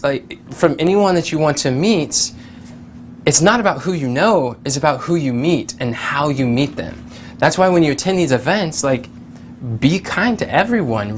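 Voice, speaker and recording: A man giving a casual motivational talk, telling stories with lively quoted voices and many fillers and restarts. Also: on the high side, a little hiss or hum. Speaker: motivational speaker.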